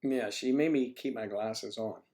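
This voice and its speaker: A man with a fairly low, darkish voice hosts a casual livestream from home, talking a little slowly. He has a cough and rambles, chatting and joking with his viewers. His microphone sits on a stand that he keeps adjusting.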